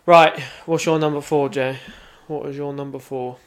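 A man's voice: fairly high pitch, steady tone, moderate pace. A man, a podcast co-host talking in a laid-back, reflective, teasing way. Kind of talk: casual chat.

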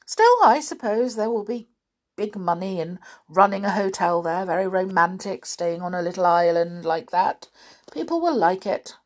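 A woman voicing a stern middle-aged father who talks in a brisk, lecturing way. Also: medium pitch, lively intonation, lightly acted.

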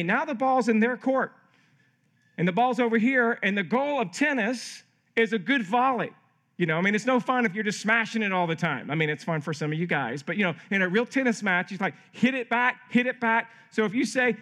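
A middle-aged man preaching at a camp gathering, his voice sitting high for a man. He delivers his sermon with animated energy, slipping into quoted voices to act out everyday scenes. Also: brisk. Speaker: pastor. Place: camp meeting hall.

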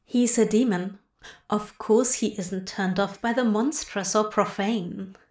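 A woman's voice: medium pitch, fairly even intonation, slow pace, a little mellow, roomy sound, lightly acted. A woman voicing a seductive, sly male plant-fey king who murmurs and chuckles knowingly.

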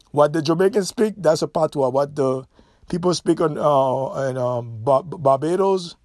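A man's voice: on the high side, darkish tone, no room sound, studio quality. A middle-aged man with a Haitian accent, hosting a solo podcast and making his points emphatically, repeating himself with loose grammar. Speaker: podcast host.

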